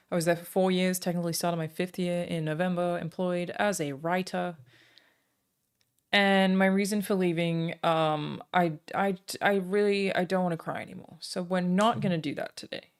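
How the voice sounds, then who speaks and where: A woman streaming from home, chatting casually into a desk microphone. Her voice sits a little low for a woman. She thanks viewers one by one and fills her pauses with soft "um"s. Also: clean tone. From Australia.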